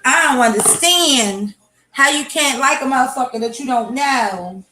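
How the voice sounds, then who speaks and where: Blunt high-voiced woman ranting on a livestream. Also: a little slow, pushed and bright. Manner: blunt, profane, ranting, talks to chat. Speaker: livestream host. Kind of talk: casual morning livestream talk. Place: home, kitchen. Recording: echoey room with faint noise.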